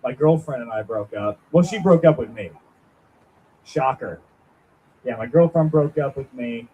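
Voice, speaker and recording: A man's voice: medium pitch, expressive, unhurried, breathy edge, narrow, tinny audio. A young man doing a rambling, self-deprecating stand-up set at a small open mic, chatting with the crowd. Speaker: stand-up comic.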